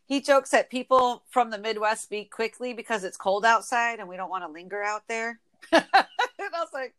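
A woman in her twenties from Michigan with an Inland North accent, chatting casually as a podcast host, a bit nasal and quick to laugh. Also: fairly high pitch, clear, resonant tone. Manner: chatty, laughs often, quick when excited. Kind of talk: casual chat.

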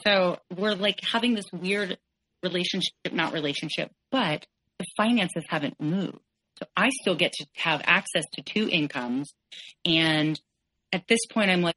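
A woman's voice: fairly low pitch, moderate pace, fairly bright tone, no room sound, rough recording. A woman in her forties, a podcast guest, telling a painful personal story candidly, often quoting what was said. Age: 40s. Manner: candid, tense retelling, quotes others in shifting voices.

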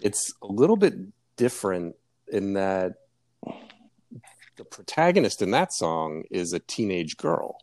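A man co-hosting a casual music podcast, explaining his views in a measured, hesitant way. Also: low-pitched, sing-song, a little mellow, no room sound. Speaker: podcast co-host.

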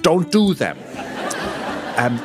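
A man's voice: fairly high pitch, very animated, slow pace, music in the background, a crowd in the background. A man acting in a sitcom, talking in quirky, mangled English idioms. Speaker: lead of a comedy series.

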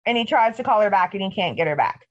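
A woman co-hosting a casual recap podcast, retelling a TV episode in an animated, profane way. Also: mid-range voice, fast. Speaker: podcast co-host. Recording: dull lo-fi audio.

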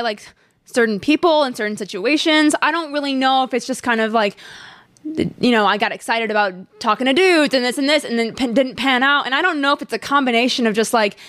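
A young woman hosting a podcast, talking candidly and casually, telling stories with animated asides to her listeners. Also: high-pitched, no room sound. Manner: chatty, candid, animated storytelling. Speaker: podcast host. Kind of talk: casual chat.

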